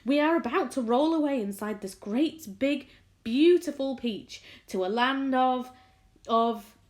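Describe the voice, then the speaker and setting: A woman voicing a kind, gentle, motherly female ladybird in a storybook reading, speaking reassuringly. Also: sits high, expressive, a little slow, pitched above the performer's own voice.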